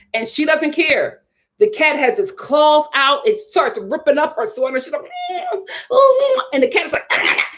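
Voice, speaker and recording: A woman giving a casual, opinionated live review of a TV episode. She laughs often and acts out what people said. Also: a little high. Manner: chatty and opinionated, acts out quotes in voices; laughs often while talking. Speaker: TV show reviewer.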